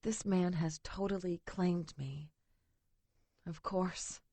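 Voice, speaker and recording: A woman reading a first-person romance audiobook in an intimate, breathy way. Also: fairly low pitch, fairly even intonation, takes it slowly, mellow, no echo. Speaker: audiobook narrator.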